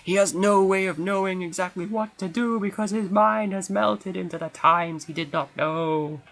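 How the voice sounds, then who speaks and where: A man's voice: sits high, fairly even intonation, moderate pace, vocal fry, a bit bright, rough recording. A man giving a casual spoken film review, rambling and correcting himself with frequent ums.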